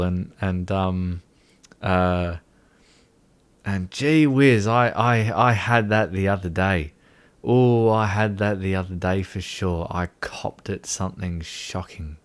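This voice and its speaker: A young man hosting a casual livestream chat, rambling and mocking himself with frequent laughter. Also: lowish voice. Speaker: livestream host.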